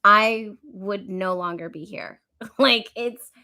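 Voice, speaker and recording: A woman's voice: mid-range voice, takes it slowly, sharp tone. A young woman chats on a livestream about astrology in an easy, conversational way. She answers viewer comments as she goes, with a casual, friendly delivery. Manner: chatty, reads out viewer comments. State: out of breath, wheezing.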